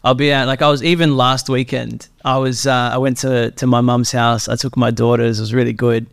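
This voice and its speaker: Chatty man, smooth dry voice. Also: medium pitch, a little fast, no echo. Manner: chatty, animated, swears casually. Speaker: podcast host. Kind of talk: casual conversational storytelling.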